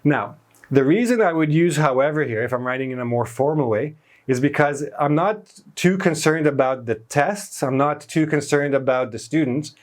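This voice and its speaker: A man's voice: a little high, normal speed. A man teaching an English grammar lesson, explaining patiently and stressing key words.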